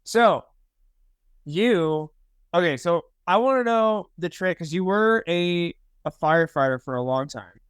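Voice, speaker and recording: A man's voice: sits high, expressive, unhurried, clean tone, no room sound, studio quality. A man hosting a casual podcast, interviewing a guest in an upbeat, friendly way. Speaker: podcast host.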